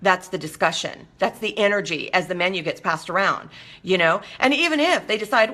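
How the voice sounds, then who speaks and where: A woman's voice: medium pitch, animated, brisk, pushed and bright. A woman hosting a talk show, speaking casually and animatedly to viewers and acting out quoted voices.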